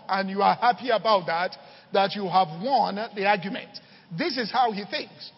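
A man's voice: sits high, normal speed, in a large hall, muffled recording. A male pastor preaching a sermon, telling stories and often checking in with "all right" and "okay".

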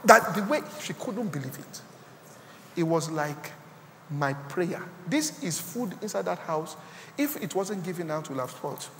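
A man with a Nigerian accent preaching a sermon as pastor, swinging from quiet asides to loud, rising exclamations. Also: fairly high pitch, expressive, a little slow, in a large hall, a little hiss or hum. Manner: preaching with sudden loud rises and quiet drops.

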